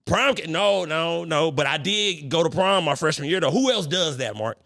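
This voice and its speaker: A young man from St. Louis hosting a podcast in casual chat, boastful and animated, full of profane trash talk. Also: a little high, normal speed, creaky, no room sound, studio quality. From St. Louis, Missouri. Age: young adult. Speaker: podcast host.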